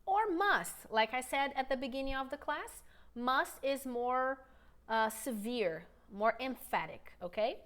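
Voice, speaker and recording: High-voiced upbeat woman teaching English. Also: animated, a bit bright. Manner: upbeat, coaxing, slows down for model sentences. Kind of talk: online English lesson with repetition drills.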